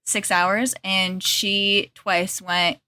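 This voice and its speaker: Woman from Chicago, podcast co-host, bright chatty delivery, dry close sound. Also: medium pitch, little pitch movement, drawn-out words, no room sound. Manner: chatty, laughs often, trails off mid-sentence. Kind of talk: casual chat.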